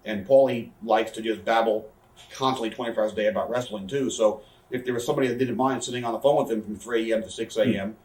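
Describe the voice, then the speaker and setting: A man in his thirties telling a backstage story in a casual interview, rambling, animated and swearing. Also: lowish voice, fast talker, echoey room, far from the mic, rough recording. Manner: rambling, animated, swears, acts out quoted voices. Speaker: interview guest, wrestler.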